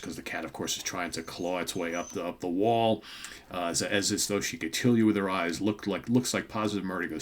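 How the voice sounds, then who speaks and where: A low-pitched, brisk man in his fifties hosts a comic book podcast, offering casual show-and-tell commentary. He rambles a lot, leaning on fillers, asides, and tag questions.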